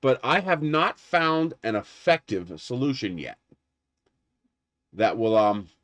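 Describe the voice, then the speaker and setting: A man hosting a loose, unscripted livestream, wandering from thought to thought in an easy, rambling way. His voice sits at an ordinary middle pitch, and he often breaks into laughter at his own jokes. The sound is dry and close, with no room echo around it. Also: expressive, takes it slowly, fairly bright tone. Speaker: livestream host. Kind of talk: casual livestream chat.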